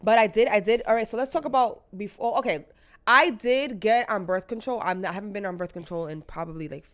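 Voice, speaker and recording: A young woman co-hosting a podcast in casual chat, frank and blunt, swearing freely and talking in quick bursts. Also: medium pitch. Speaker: podcast co-host.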